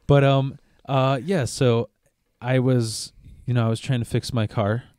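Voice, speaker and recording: A man's voice: mid-range voice, fairly even intonation, a little slow, darkish tone, clean tone, dry recording, studio quality. A man from the area, rambling through a joke in casual podcast chat and swearing often. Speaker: podcast co-host.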